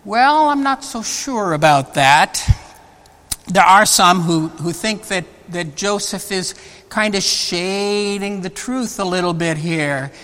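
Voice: mid-range voice, slow, a bit bright. A preacher giving a sermon, often repeating words and restarting phrases. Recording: long hall reverb.

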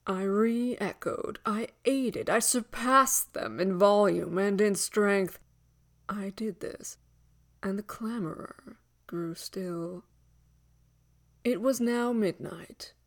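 A woman giving a dramatic gothic story reading, measured, dropping to hushed whispers and swelling to loud declarations. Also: mid-range voice.

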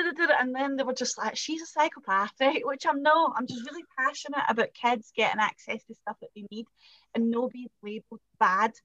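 A middle-aged Scottish woman chatting as a podcast guest, telling animated stories with acted quotes and swearing. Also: fairly high pitch, no echo, muffled recording. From Scotland. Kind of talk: casual chat.

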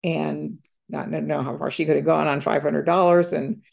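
An older woman telling a personal story as a podcast guest, halting and repeating words as she quotes others. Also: sits low, steady tone, vocal fry, darkish tone.

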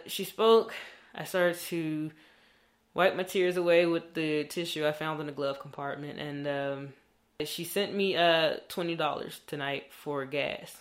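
A young adult vlogger talking in a candid, rambling diary style and swearing freely. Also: medium pitch. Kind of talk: casual diary vlog.

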